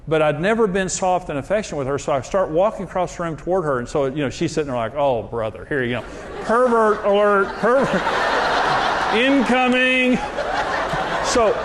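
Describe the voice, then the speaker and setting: A man in a pastor's role tells a sermon through jokey, self-mocking stories. His voice sits a little high for a man. A faint hiss runs underneath. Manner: self-deprecating, jokey, animated storyteller. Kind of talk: humorous sermon storytelling.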